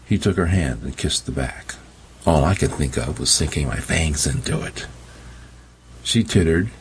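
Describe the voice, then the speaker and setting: A man's voice: extremely low pitch, animated, moderate pace, slight background noise. A man narrating a first-person audiobook in a wry, sardonic storytelling manner.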